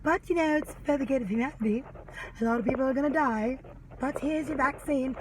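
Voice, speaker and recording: A woman's voice: sits high, brisk, background noise, lightly acted. A woman doing a mocking impression of a smug, falsely cheerful public man. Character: smug male public figure, mocked.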